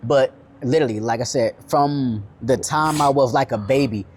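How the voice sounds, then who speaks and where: A man's voice: medium pitch, normal speed, a little hiss or hum. A man from the American South, chatting casually as a guest on a podcast, laid-back and storytelling. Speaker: guest, Muay Thai fighter. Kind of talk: casual chat.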